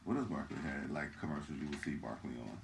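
A man's voice: extremely low pitch, expressive, quick pace, creaky, noisy background. A man, co-hosting a podcast and rambling with hesitant fillers. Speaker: podcast co-host. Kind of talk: casual chat.

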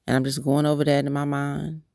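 Gravelly-voiced woman sharing candid testimony. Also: low-pitched, completely flat delivery, brisk, a little mellow, no room sound, clean studio sound. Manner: candid, earnest storytelling with restarts. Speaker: podcast host. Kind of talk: personal devotional testimony.

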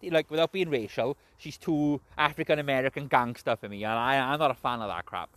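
A young man rambling through his opinions in a loose, unscripted way, swearing freely and breaking into laughter. His pitch jumps around a lot as he gets worked up. The sound is dry and close, with no room echo. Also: lively intonation, fast. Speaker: wrestling show reviewer. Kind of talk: casual spoken recap and opinion.

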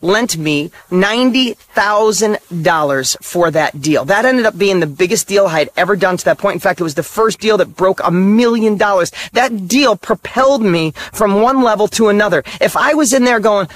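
A man's voice: sits high, animated, brisk, fairly bright tone. A middle-aged man giving a motivational talk, driving his points home with punchy, short, repeated statements. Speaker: motivational speaker.

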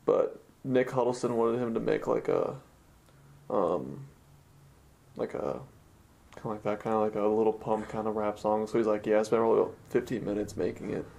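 Young man with a gravelly voice. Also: lowish voice, normal speed, darkish tone. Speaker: podcast guest. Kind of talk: casual chat.

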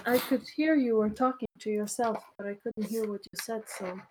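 A woman co-hosting a podcast, chatting in a friendly, relaxed way from away from the microphone. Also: a little high, normal speed, background noise. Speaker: podcast co-host. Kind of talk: casual chat. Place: away from the mic.

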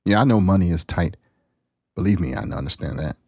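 Deep-voiced, folksy male podcast host. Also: animated, fairly quick, warm tone, breathy edge, no echo, studio quality. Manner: folksy, preachy, plain-spoken. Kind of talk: casual spoken monologue.

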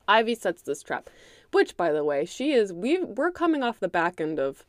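A woman co-hosting a casual movie recap podcast, blunt and opinionated, retelling scenes in an animated way and acting out the characters' lines. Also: mid-range voice, normal speed, dry recording, clean studio sound. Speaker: podcast co-host.

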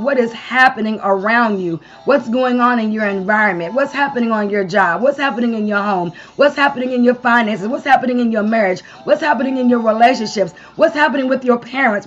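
Casting: woman preacher on a live stream, fairly high voice, dull lo-fi audio, amen-heavy call-and-response delivery. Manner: call-and-response preaching with frequent amens and long spoken lists. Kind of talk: sermon.

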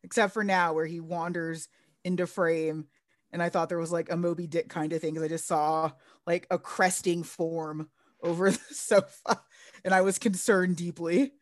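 A woman co-hosting a podcast in casual chat, sarcastic and profane with quick asides. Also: lowish voice, fairly even intonation, dry recording, clean studio sound. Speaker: podcast co-host.

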